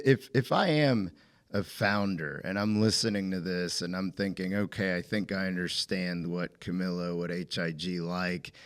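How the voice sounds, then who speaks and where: A man's voice: low voice, fairly bright tone. A man hosting an interview podcast, asking questions conversationally with frequent "uh" fillers. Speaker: podcast host.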